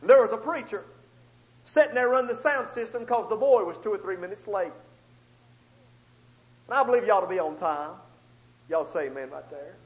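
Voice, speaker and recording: A man preaching a storytelling sermon, swinging between loud outbursts and hushed asides. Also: high voice, poor audio.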